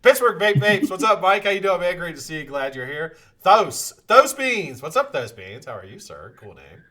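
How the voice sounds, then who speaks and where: Lively, bright-voiced male stream host. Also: on the high side, fairly quick. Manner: greets chat viewers one by one, swings from loud to muttering, swears freely. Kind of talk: casual live stream chat.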